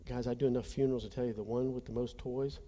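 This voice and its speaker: Earnest pastor preaching in a reverberant hall. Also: male voice, medium pitch, steady tone, fast talker, dark tone. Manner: earnest storytelling, speaks directly to the congregation. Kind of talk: conversational sermon.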